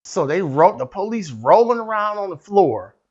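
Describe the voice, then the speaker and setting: A man's voice: high voice, big pitch swings, normal speed, darkish tone, muffled recording. A man hosting a satirical news show, telling the story as a dramatic, slangy comedic rant.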